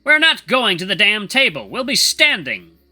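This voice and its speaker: A grumpy, bullying male wolf elder, put on by a storytelling man, his voice pushed high and strained. He snaps with impatience, his tone bright and hard. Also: wildly swooping pitch, normal speed, faint music behind, full character voice. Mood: snappish. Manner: snappish, impatient.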